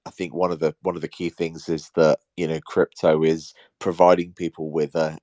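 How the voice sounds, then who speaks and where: Audience speaker, deep monotone man, dry audio, polite. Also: normal speed, no echo. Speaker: audience member making a statement. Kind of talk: live audio-room discussion.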